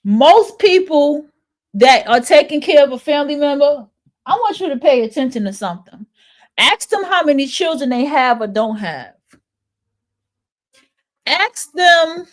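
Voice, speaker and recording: A woman in her thirties hosting a podcast, venting in a blunt, profane, emphatic monologue. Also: high voice. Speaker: podcast host. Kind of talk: casual monologue.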